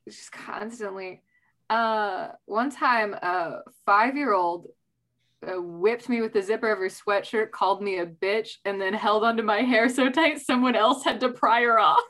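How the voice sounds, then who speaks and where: A woman's voice: medium pitch, a little slow. A woman guest in a casual chat who laughs often and tells her stories with a lot of life. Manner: laughs often, animated anecdotes.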